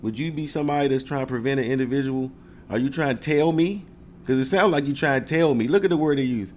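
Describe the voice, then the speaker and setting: A man talks casually to the camera, animated and joking, acting out confrontations with mock questions. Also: mid-range voice, fast talker, slight background noise. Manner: animated, joking, mock-confrontational role-play with frequent laughs. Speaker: speaker giving advice to viewers.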